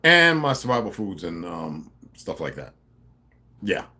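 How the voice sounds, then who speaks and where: Husky-voiced rambling Jersey man. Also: low voice, sing-song, measured pace, pushed and bright. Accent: New Jersey. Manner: rambling, profane, confrontational, chuckling asides. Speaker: vlogger. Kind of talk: rambling casual monologue to subscribers.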